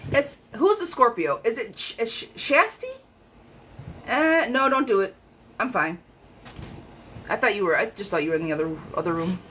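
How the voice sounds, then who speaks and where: A woman giving a live-streamed tarot reading in a chatty, frank, lively way, talking straight to her viewers. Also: medium pitch, normal speed, pauses often, a little hiss or hum, low-quality recording. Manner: chatty, animated, frank, calls viewers girlfriend. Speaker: tarot reader.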